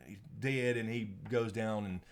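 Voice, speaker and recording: A man's voice: lowish voice, fairly even intonation, measured pace. Rambling man hosting a live Q&A. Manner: rambling, laughs often, curses casually. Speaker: live stream host. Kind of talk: casual live Q&A chat.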